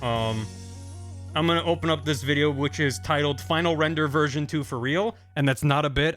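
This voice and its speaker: Young guy rambling on his stream, kinda high voice, trips over his words a lot, faint music under it. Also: a bit bright. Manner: rambling, with frequent stammered restarts. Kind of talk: casual live-stream chat.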